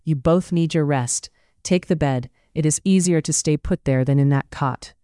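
Reader putting on a calm young gentleman husband, lowish steady voice, smooth and dry. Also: moderate pace, dry recording, lightly acted. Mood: firm. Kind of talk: audiobook character voice.

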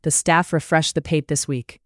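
An audiobook narrator voicing an elderly Irish housekeeper, motherly and gently scolding, with a light Irish lilt. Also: medium pitch, fairly even intonation, moderate pace, dry recording, studio quality, close to an everyday voice. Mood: fond. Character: elderly Irish housekeeper woman, fussing and fond. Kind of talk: audiobook character voice.

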